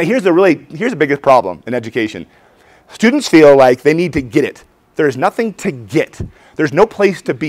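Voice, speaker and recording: A man in his forties giving an energetic conference workshop for teachers, acting out his students' voices. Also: fairly high pitch. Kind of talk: lively conference talk with demonstrations. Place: conference hall before an audience.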